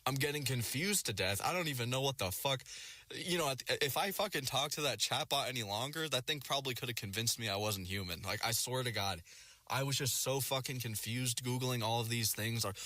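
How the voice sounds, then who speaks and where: A man's voice: medium pitch, animated, brisk, bright, forceful tone, no room sound. A young man ranting casually to his viewers, rambling and swearing a lot with plenty of filler words. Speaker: vlogger. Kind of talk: casual rant to camera.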